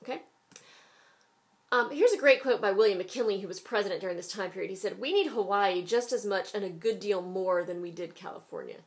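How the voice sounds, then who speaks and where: A woman's voice: medium pitch, a little fast. An American woman teaching a history lesson in a conversational way, with frequent ums. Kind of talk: recorded classroom lecture.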